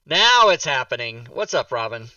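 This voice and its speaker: A man hosting a casual live-stream chat, excitable and loud, cursing and mocking his own mistakes. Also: medium pitch, normal speed, dry recording, distant mic, highs cut off. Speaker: host.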